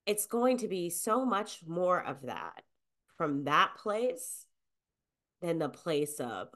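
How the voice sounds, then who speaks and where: A gentle, nurturing woman hosts a self-help podcast, speaking slowly and without hurry. Her voice sits a little low but rises and falls expressively. She sounds to be in her thirties. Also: big pitch swings. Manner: gentle and nurturing, with unhurried soft emphasis. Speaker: podcast host.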